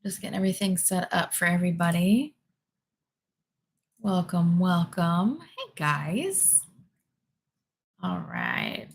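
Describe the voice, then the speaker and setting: A woman in her thirties hosting a spiritual livestream, chatting casually and reading viewer comments in a bubbly, excitable way. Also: fairly low pitch, a little slow, vocal fry, long pauses, breathy edge. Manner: bubbly, excitable, greets viewers by name and laughs often.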